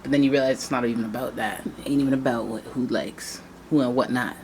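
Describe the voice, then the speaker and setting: A woman with a low voice reads tarot cards in a casual, chatty way. She talks straight to her viewers and wanders into playful asides, with a faint hiss in the background. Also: steady tone, fast talker, a little mellow. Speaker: tarot reader. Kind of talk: casual tarot reading to camera.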